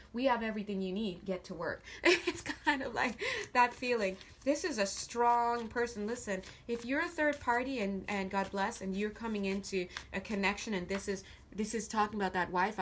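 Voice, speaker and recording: Filmed by a camera pointed at cards on a table, a tarot reader gives a laid-back reading, speaking bluntly, cursing freely, and swinging her intonation a lot. Her voice is on the high side and a bit bright, with a little hiss or hum in the recording.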